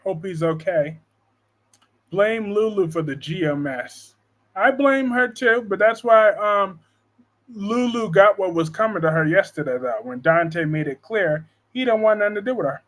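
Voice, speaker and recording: A high-voiced man hosts an unhurried, casual live stream from home about soap operas. He stays animated and jokey, reading viewer comments aloud as he goes.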